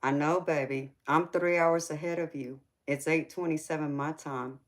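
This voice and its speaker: A woman's voice: low voice, fairly even intonation, moderate pace. A woman with a Southern US accent, a tarot reader hosting a casual livestream chat, teasing viewers and calling them baby.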